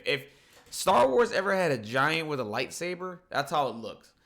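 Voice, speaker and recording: Excitable man with a bright voice. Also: mid-range voice, vocal fry. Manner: excited, profane, full of "like" and "you know". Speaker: manga chapter reviewer. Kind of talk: casual spoken chapter recap.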